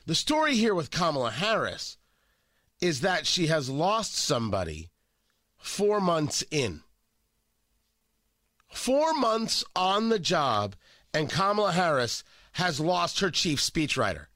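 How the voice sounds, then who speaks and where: A man hosting opinionated political talk radio, sarcastic and animated, often repeating and restarting his words, a little stuffy from a cold. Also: a little high, unhurried, no echo, studio quality. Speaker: radio talk show host.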